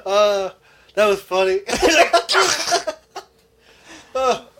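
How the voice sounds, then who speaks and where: Bright, tense-voiced man rambling earnestly. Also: sits high, lively intonation, extremely slow, slight background noise. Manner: earnest, rambling personal storytelling. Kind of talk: casual chat.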